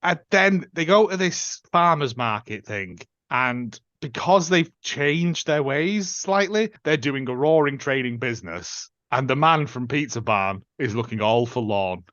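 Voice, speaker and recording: A man's voice: mid-range voice, animated, a little slow, few pauses, fairly bright tone, no room sound. A man, co-hosting a podcast and reviewing a film in a rambling, sarcastic way. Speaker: podcast co-host. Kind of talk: casual film-review chat. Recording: slightly muffled dry sound.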